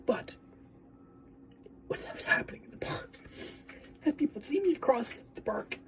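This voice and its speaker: A man's voice: very high-pitched, animated, measured pace, slight background noise. A man vlogging in a casual, rambling monologue, swearing freely and asking "right?" as he goes.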